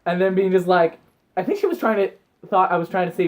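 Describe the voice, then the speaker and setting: A man chatting to camera in a casual vlog, telling rambling, excitable stories and acting out the moments as he goes. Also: high voice, brisk. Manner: rambling, excitable storytelling with acted-out asides. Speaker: vlogger.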